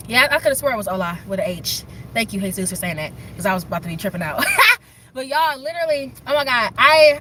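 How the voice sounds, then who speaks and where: Standing outside in the snow, a young livestream host talks into her phone and rambles excitedly straight to her chat. Her voice is bright, forceful, slightly high and a little quick, with faint outdoor noise humming behind her.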